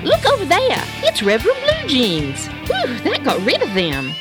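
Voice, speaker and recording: A woman's voice: high-pitched, wildly swooping pitch, normal speed, loud music behind the voice. A woman acting as a vain, chatty sports correspondent in a comedy radio sketch.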